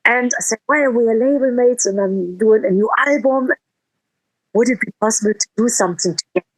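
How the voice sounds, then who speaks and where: A woman's voice: fairly high pitch, a little fast, no echo, poor audio. A woman musician in a casual interview, telling a heartfelt story with quoted dialogue and frequent restarts.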